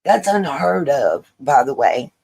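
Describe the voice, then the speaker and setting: A woman's voice: deep voice, sing-song, slow, gravelly, darkish tone, breathy edge. A woman hosting her own channel, giving opinion commentary straight to her viewers, emphatic and repeating her points for weight. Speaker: channel host.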